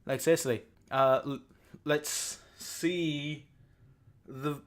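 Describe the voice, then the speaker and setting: A man's voice: fairly high pitch, steady tone, very slow. A man giving a profane, rambling rant as a YouTube commentator. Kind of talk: ranting commentary.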